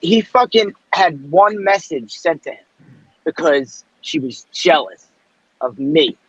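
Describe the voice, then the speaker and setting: A man on an online panel talks bluntly and swears freely. His voice is husky and sits a little high. The call audio is dull and lo-fi. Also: lively intonation, slow. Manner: blunt, profane, laughs at jokes. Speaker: panel guest. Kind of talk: casual panel chat.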